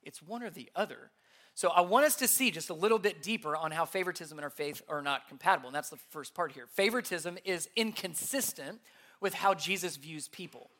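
Bright-voiced pastor teaching a sermon. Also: mid-range voice, fairly quick. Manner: earnest, explains by repeating key points; asks the audience rhetorical questions.

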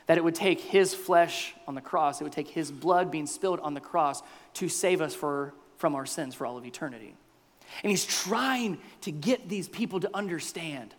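A man preaching a sermon as pastor, swinging between loud bursts and near-whispers. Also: a little high, normal speed, in a large hall. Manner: animated preaching with big swings in loudness, dropping to near-whispers.

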